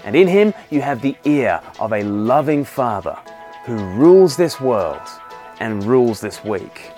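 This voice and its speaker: A man giving an earnest devotional sermon, often dropping to a soft hush when he quotes a prayer. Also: medium pitch, sing-song, unhurried, soft background music. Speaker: preacher.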